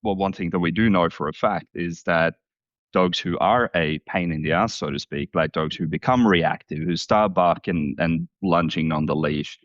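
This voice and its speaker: Deep-voiced man, dull recording. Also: normal speed, a bit bright, dry recording. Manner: easygoing, laughs along, swears casually. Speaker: podcast host, dog trainer. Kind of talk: casual podcast chat.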